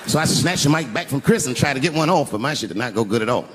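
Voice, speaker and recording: Quick and expressive, with hardly any pauses, an older man with a somewhat high voice performs a profane stand-up story and voices its characters. It was recorded live in an arena on a handheld mic, with crowd noise and laughter.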